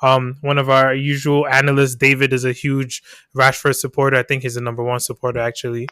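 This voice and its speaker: A man's voice: mid-range voice, completely flat delivery, brisk, sharp tone, clean tone, dry recording, clean studio sound. A man hosting a casual podcast, upbeat and leading the talk with questions. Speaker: podcast host. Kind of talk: casual chat.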